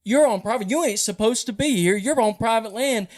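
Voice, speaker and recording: A man voicing a furious woman landowner, shouting repeated threats in a loud, insistent way. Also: extremely high pitch, fairly quick, voice pushed up. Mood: angry.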